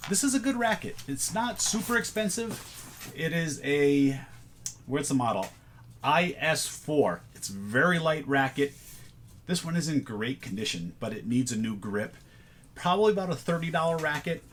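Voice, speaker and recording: A man's voice: fairly high pitch, animated, normal speed, fairly bright tone, a little hiss or hum. A man casually chatting through a thrift haul, thinking aloud as he sorts items. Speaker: reseller showing a thrift haul. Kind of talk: casual vlog chat.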